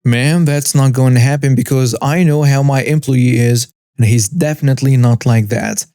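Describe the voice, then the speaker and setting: A man voicing a patient male store manager who speaks in a steady, measured way. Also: mid-range voice, smooth, no room sound, clean studio sound, close to an everyday voice. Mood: firm. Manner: measured, firm.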